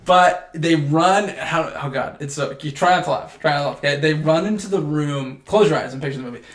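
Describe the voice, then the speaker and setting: A man's voice: a little high, brisk. A young man co-hosting a podcast, chatting casually and retelling movie scenes with lots of energy. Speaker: podcast co-host. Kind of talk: casual chat. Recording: echoey room.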